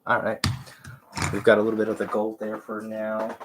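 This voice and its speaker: Painting miniatures on his livestream, a man with a fairly low, congested voice talks at a moderate pace in a completely flat delivery. He rambles, trails off, and mutters as he works, with background noise behind him.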